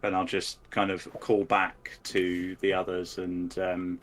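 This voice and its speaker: A man's voice: low-pitched, completely flat delivery, measured pace, hardly any pauses. A man playing a tabletop game, talking through his turn in a thoughtful, hesitant way. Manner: thoughtful, hesitant, thinks aloud. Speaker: player.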